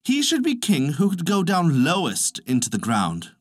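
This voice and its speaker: A man telling a folk tale in an expressive, animated manner. His pitch swings very widely from line to line, and the recording is dry and close with no room sound. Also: normal speed, slightly rough, no echo. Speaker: storyteller.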